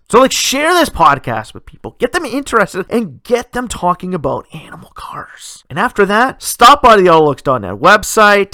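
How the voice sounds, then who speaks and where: Solo podcast host, male, bright forceful voice, slightly high, emphatic and expressive. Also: dry recording, clean studio sound. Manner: animated, emphatic, swears casually.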